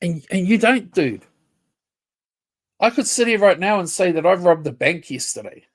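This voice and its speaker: A man's voice: sits high, expressive, moderate pace. A man ranting confrontationally on a casual livestream, swearing and repeating himself. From New Zealand.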